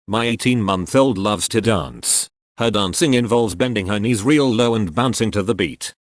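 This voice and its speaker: A man with a somewhat low voice reads short anecdotes aloud one after another. His delivery is steady and matter-of-fact, with a dry, close sound. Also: moderate pace, no echo. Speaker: narrator reading online posts.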